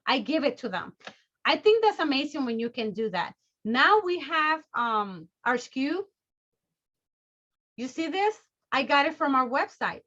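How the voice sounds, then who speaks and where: A woman giving an energetic sales training talk over a video call, bubbly and excitable, always at high energy. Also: a little slow, highs cut off.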